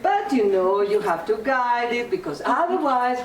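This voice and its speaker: A woman's voice: fairly high pitch, very animated, normal speed. A woman storyteller voicing a benevolent god who grants the rain and gives instructions. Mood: kindly. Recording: echoey room, distant mic, background noise.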